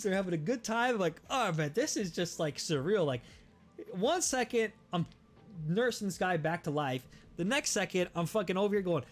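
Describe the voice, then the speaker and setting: Animated, swearing young man telling a story. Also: sits high, normal speed. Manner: animated, profane, many restarts. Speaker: podcast host. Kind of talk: casual storytelling.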